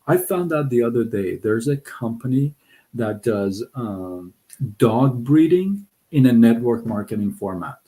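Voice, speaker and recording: A middle-aged man hosting a casual live stream, talking in an animated, excitable way with frequent restarts. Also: on the low side, poor audio. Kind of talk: casual livestream talk. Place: Southern California.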